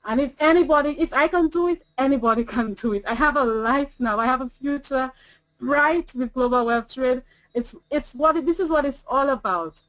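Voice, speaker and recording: An upbeat woman hosts a motivational group call and rattles off items in list-like runs. Her voice is a little high, and the online call audio sounds dry and close. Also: normal speed, a bit bright, no echo, rough recording. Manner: upbeat, rallying, list-like delivery. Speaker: host of a business group call. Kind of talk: motivational talk on a conference call.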